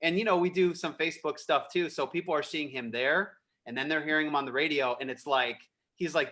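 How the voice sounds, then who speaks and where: A man appearing as a guest on a podcast, a real estate investor telling stories about his business in a relaxed, animated way. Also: a little high, fairly quick, hardly any pauses. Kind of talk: casual interview chat.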